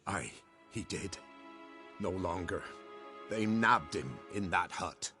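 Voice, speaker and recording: An actor playing a shaken male villager with a rustic dialect, speaking grimly of a massacre over loud game music. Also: low voice, expressive, slow, exaggerated voice. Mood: haunted. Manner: rustic dialect, pleading and grim.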